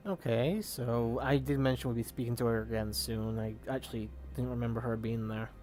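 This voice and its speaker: Give me a chatty man narrating his gameplay casually, mid pitch, with faint game music. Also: steady tone, brisk, darkish tone. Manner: rambling, chatty, swears casually. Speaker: let's play host.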